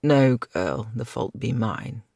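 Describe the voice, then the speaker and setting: A man's voice: mid-range voice, animated, slow, gravelly, a little mellow, no echo, clean studio sound, heavily acted. A man playing a stern, formal older knight who scolds his squire.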